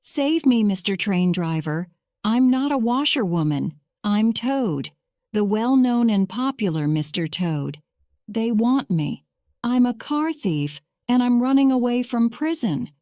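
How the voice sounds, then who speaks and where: A woman voicing an excitable, boastful male toad in an audio storybook, pleading in a raised, louder voice. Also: unhurried, dry recording, clean studio sound. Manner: pleading, self-pitying, higher and louder than the narration.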